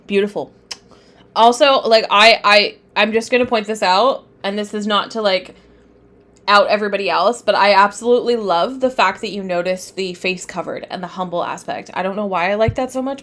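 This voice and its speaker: A woman's voice: mid-range voice, a bit bright. Chatty, easily sidetracked young woman. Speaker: tarot teacher streaming live. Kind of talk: casual live-stream lesson.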